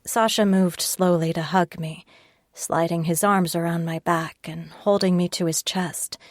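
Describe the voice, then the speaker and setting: A woman reading a first-person audiobook in a calm, measured way on a close mic. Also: fairly low pitch, no room sound. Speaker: audiobook narrator. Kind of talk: scripted first-person narration.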